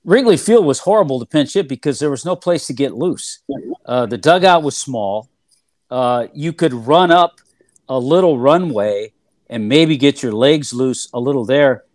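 This older man, a former player turned TV analyst, is a guest in a relaxed interview, recalling his playing and broadcasting days. His medium-pitched voice is animated and moves at a normal speed, recorded close and dry. He rambles, leans on fillers, and keeps restarting his sentences.

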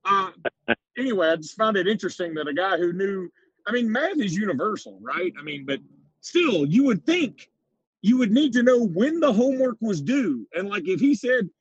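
A man's voice: sits high, animated, fairly quick, husky, no room sound, dull audio. A man co-hosting a podcast in casual chat, self-deprecating and laughing often. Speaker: podcast co-host.

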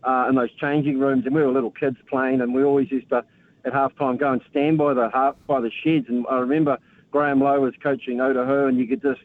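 A man's voice: medium pitch, little pitch movement, fast talker. A man with a New Zealand accent calling in to a radio show, telling rambling, jovial stories. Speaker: caller. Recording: tinny phone line with faint hiss.

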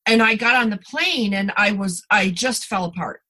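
A woman's voice: mid-range voice, moderate pace, sharp tone. A middle-aged woman hosting a podcast, telling stories in a chatty way full of "you know". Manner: chatty storyteller, lots of "you know" and laughs. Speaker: podcast host. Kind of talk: casual chat.

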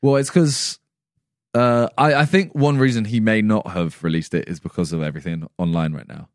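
A man co-hosting a podcast in casual chat, relaxed and laughing easily. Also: fairly low pitch, moderate pace, dry recording, clean studio sound. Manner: relaxed, laughs often, hedging opinions. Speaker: podcast co-host.

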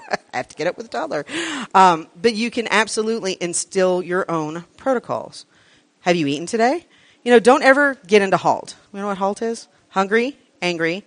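A woman's voice: medium pitch, no echo. A woman teaching a live class to an audience, frank and profane, hammering points home with repeated lists. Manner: emphatic, repeats lists for effect. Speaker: workshop teacher.

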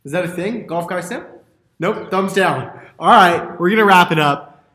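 Male podcast host, slightly high voice, wry, keeps things moving, echoey. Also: normal speed, pushed and bright. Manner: moves the show along, wry asides. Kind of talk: casual podcast hosting.

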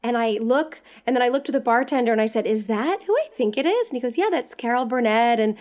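Expressive higher-voiced woman telling an anecdote. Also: fast talker. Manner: expressive storyteller acting out her own quotes. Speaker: guest actress. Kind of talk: casual chat.

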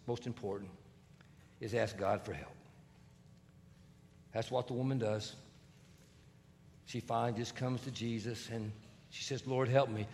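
A male pastor preaching a sermon, emphatic and swelling to shouts. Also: medium pitch, gravelly, slight background noise. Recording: long hall reverb with faint music.

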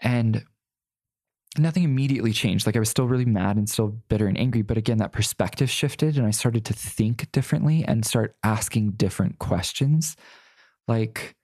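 Young man, gravelly and warm, earnest interview guest, dry close mic. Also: medium pitch, normal speed, dry recording. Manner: earnest, filler-heavy, lots of "like". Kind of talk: emotional personal testimony.

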